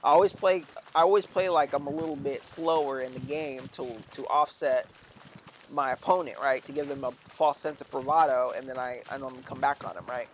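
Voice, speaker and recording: A man's voice: mid-range voice, steady tone, fairly quick, a little hiss or hum. A man streaming a game, telling a rambling story in a casual way, tagging his sentences with "like" and "right?". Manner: rambling, with many "like" and "right?" tags. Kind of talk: casual storytelling while gaming.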